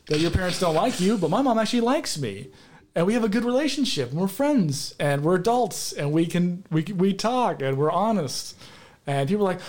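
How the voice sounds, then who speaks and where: A man with a fairly high voice tells loose, brash stories on a podcast and swears freely. He slips into higher put-on voices to mimic people, then drops back into plain chat. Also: expressive, fairly quick, darkish tone. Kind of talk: casual chat.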